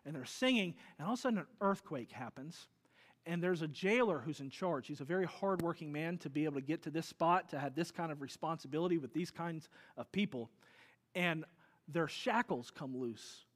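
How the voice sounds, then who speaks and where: A pastor, preaching a sermon as an animated storyteller who swings between loud and hushed delivery. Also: male voice, on the high side, fairly quick. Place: church sanctuary. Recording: reverberant church hall.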